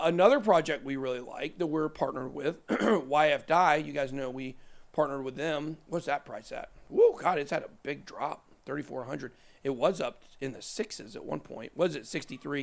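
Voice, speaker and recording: Joking man hosting a crypto chart show. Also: on the high side. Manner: joking, rambling, self-deprecating asides. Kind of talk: casual chat over live price charts.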